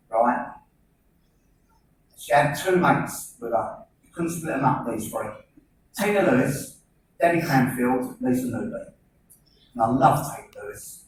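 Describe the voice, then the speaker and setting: A man, doing rambling stand-up comedy and teasing audience members by name. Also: medium pitch. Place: live comedy venue with audience laughter. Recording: echoey venue, distant mic, noisy audience.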